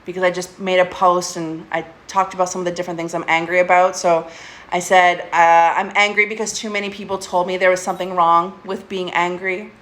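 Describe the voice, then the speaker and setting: At home with her pet, an adult woman getting on in years hosts a casual live stream, talking candidly, swearing often, and laughing between thoughts. Her lowish voice is a bit bright, with a flat delivery and a slightly fast pace.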